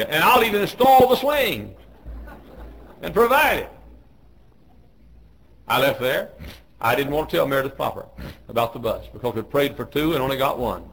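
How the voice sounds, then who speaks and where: A man preaching a sermon, telling a story in a folksy way, clearing his throat and restarting often. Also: mid-range voice, fairly bright tone, slight background noise, rough recording. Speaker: pastor.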